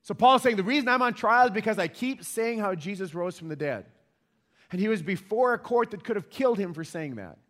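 A man's voice: sits high, expressive, a little fast, fairly bright tone. Emphatic man preaching a sermon. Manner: emphatic, repeats key points, asks the audience questions. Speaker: pastor.

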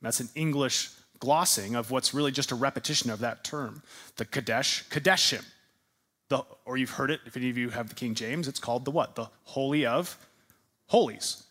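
Male pastor, mid-pitched voice, teaching a class sermon. Interactive and emphatic, fires questions at listeners. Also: normal speed, fairly bright tone. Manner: asks the audience questions and repeats their answers; emphatic, leans into repeated words.

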